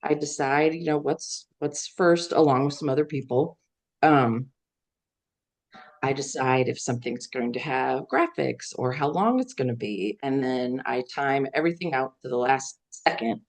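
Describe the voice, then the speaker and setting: A middle-aged woman from Iowa with a notably low voice. She talks casually in an interview, rambling through her story with fillers and light laughs. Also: lively intonation, moderate pace. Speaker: guest, veteran news executive.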